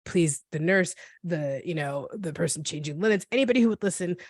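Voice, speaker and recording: A woman in her forties telling her story as a podcast guest, earnest and reflective, often halting and restarting. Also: fairly low pitch, animated, no room sound, clean studio sound. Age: 40s. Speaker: guest, NICU parent. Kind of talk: personal storytelling in a podcast interview.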